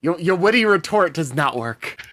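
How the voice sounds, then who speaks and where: A man's voice: fairly high pitch, animated, normal speed, a bit bright. A man narrating as game master of a tabletop game, swearing casually and laughing as he talks.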